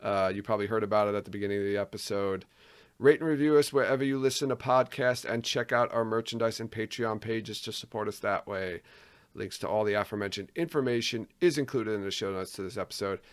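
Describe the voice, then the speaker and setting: A man's voice: fairly low pitch, fast, smooth. A man hosting a podcast, joking around and wrapping up the episode with plugs. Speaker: podcast host. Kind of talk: casual podcast chat.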